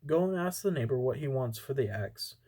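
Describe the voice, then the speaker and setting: A man's voice: mid-range voice, animated, a little fast, mellow, close to an everyday voice. A man voicing a stubborn, clever young woodcutter's son, read plainly with stumbles and restarts. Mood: assured.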